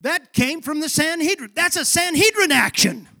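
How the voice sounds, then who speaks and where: A male pastor preaching a sermon with passion, breaking into shouts as he retells the story dramatically. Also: very high voice, lively intonation, moderate pace, creaky.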